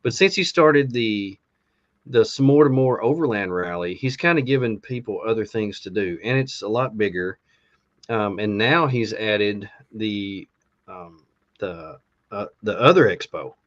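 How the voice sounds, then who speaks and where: Male podcast co-host, low voice, halting and filler-heavy as he reads a list, muffled lo-fi audio. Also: animated, a bit bright. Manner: reads out a class list with many ums and uhs. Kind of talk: casual podcast chat. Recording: dull lo-fi sound.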